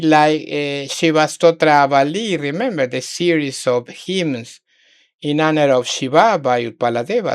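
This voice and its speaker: Slow, clear-voiced woman teaching. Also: deep voice, no room sound, studio quality. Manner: slow and halting, repeating words and restating them in Spanish. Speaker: Sanskrit teacher. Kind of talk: online lesson, thinking aloud while working on screen.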